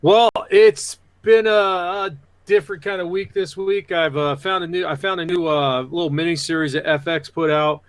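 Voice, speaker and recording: A man's voice: a little high, normal speed, smooth, no room sound. A man co-hosting a podcast, talking casually and hesitantly, searching for words. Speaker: podcast co-host. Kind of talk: casual chat.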